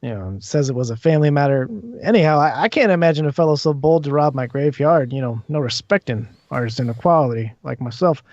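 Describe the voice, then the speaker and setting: A man's voice: mid-range voice, fast talker, few pauses, a little mellow, no echo, close to an everyday voice. A man voicing a boastful male dwarf grave digger who rambles in folksy, broken grammar, on dull lo-fi audio. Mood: rambling.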